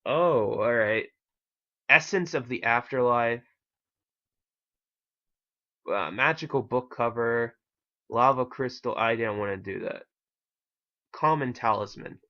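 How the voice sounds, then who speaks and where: A man's voice: medium pitch, fairly bright tone. Rambling young-sounding gamer man, lo-fi. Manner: rambling, self-mocking, swears casually. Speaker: gaming channel host. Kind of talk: casual gameplay commentary.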